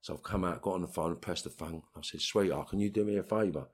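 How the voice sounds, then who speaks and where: A man with a London accent tells stories in an interview, blunt and streetwise, with bursts of swearing. His voice is low and fast with a breathy edge.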